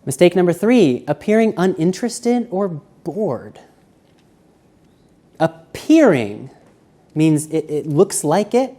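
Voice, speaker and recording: A man giving a live seminar lecture, walking around and shifting between quiet, slow speech and loud emphasis. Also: high voice, big pitch swings. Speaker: seminar presenter. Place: university seminar room.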